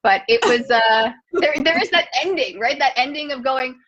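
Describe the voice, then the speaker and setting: A woman hosting a casual video-call chat, telling self-mocking stories in an animated way. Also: high voice, moderate pace. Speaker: host. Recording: dull lo-fi call audio.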